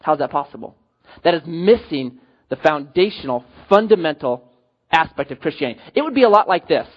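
Animated high-voiced male pastor preaching. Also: fairly quick, husky, highs cut off. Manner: animated storytelling with jokes and acted-out quotes. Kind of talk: sermon.

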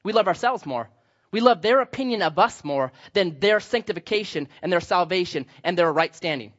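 A middle-aged man preaching a sermon as pastor, telling stories with animated quoted voices. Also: high-pitched, a little fast, dull audio.

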